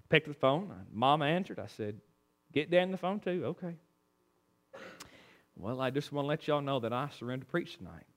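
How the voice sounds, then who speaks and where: A male preacher, delivering a sermon in a folksy storytelling way, moving between loud preaching and quiet asides. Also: fairly high pitch.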